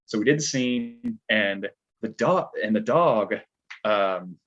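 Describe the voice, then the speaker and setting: A man with a low, husky voice and a Southern American twang tells a story in a loose, rambling way, leaning on filler words. The audio is dull and lo-fi, like a home podcast setup. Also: expressive, slow pace, fairly bright tone. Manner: laid-back, rambling, lots of filler words. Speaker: podcast guest, stuntman. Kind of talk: casual storytelling chat.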